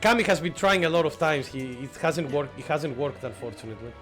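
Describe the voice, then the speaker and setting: Animated man streaming a game. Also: a little high, soft background music. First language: not English. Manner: excitable, chatty, quick to laugh and swear. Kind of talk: live gameplay commentary.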